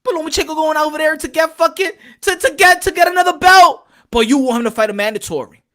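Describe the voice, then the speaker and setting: A man's voice: very high voice, fast talker. Profane, fired-up male boxing ranter. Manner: heated, profane, animated ranting with repeated phrases. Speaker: boxing commentator. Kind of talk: ranting talk show.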